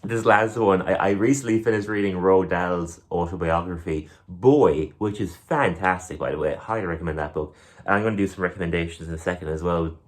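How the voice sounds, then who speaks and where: Speaking a little fast in a low voice, this young man from Ireland, a comedian and podcast host, meanders through his material and performs it with goofy voices.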